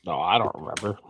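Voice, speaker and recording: A man's voice: lowish voice, background noise. A man co-hosting a podcast in casual banter, laughing often and poking fun at himself. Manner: laughs often, self-deprecating. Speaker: podcast co-host. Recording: dry, dull lo-fi sound.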